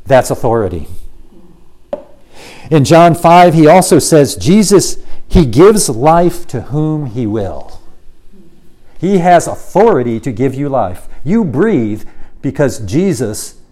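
A man's voice: fairly high pitch, big pitch swings, slow, pauses often, mellow. A man preaching an expository sermon, emphatic and given to repeating key phrases.

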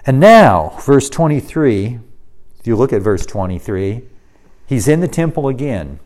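A man's voice: medium pitch, big pitch swings, measured pace, darkish tone. A man preaching a sermon, reading scripture and acting out the quoted lines with emphasis. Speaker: pastor.

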